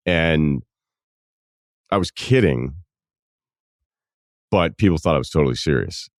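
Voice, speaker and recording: A man in his forties with a very deep, low-pitched voice hosts an advice podcast, reading emails and cracking deadpan jokes. The sound is dry and close, recorded at a studio microphone with no room around it. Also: measured pace, no echo. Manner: dry, deadpan humor with asides while reading. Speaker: podcast host.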